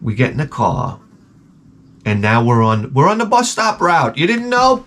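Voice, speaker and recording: A man hosting his vlog, telling a profane comic story in an animated rant full of stammered restarts. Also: fairly high pitch, moderate pace. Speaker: vlogger host.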